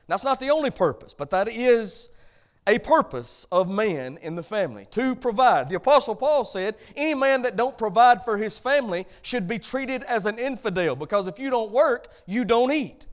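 A middle-aged man, preaching a sermon as pastor in a folksy way that builds to emphatic points. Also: high-pitched.

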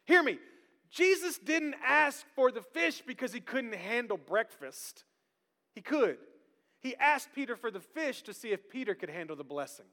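Pastor, man, lively humorous sermon, high bright voice, long hall reverb. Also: normal speed. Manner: lively, humorous, calls out to the congregation.

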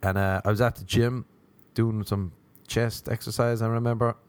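A man's voice: lowish voice, normal speed, clean tone, dry recording. Irish man telling stories animatedly. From Ireland. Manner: animated, swears freely, acts out voices. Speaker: comedian. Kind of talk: comic storytelling.

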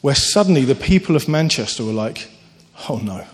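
Man preaching in a reverberant hall. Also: brisk. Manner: earnest, animated storytelling with sudden lifts in pitch. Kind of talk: sermon.

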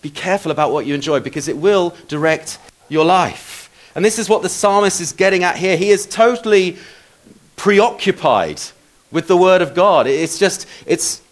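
A man's voice: sits high, moderate pace. A man preaching a sermon in a conversational, self-deprecating way, with asides to the congregation.

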